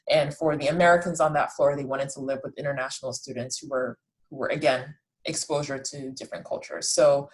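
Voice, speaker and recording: A woman's voice: deep voice, rough recording. A woman in her late twenties hosting a podcast, chatting casually about her own life in a self-deprecating way and often restarting sentences. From raised in the Netherlands. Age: late 20s. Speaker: podcast host. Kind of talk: casual personal storytelling.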